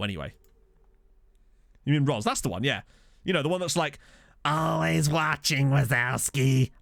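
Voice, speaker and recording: A man's voice: medium pitch, a bit bright, dry recording. Jokey guy streaming a football manager game, chatting with chat, voice bounces around a lot, desk mic. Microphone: desk USB condenser microphone.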